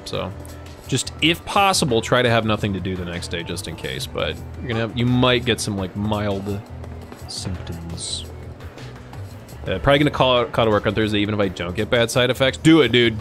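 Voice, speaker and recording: A man's voice: mid-range voice, fairly bright tone. A man live-streaming a game, chatting casually in a rambling, joking, profane way. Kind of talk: casual live-stream chat while gaming.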